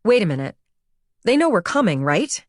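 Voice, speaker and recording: A woman's voice: mid-range voice, sing-song, normal speed, no echo, studio quality, voice pushed up. A woman reading an audiobook voices an anxious, careful young college woman who speaks urgently. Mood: worried. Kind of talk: audiobook character voice.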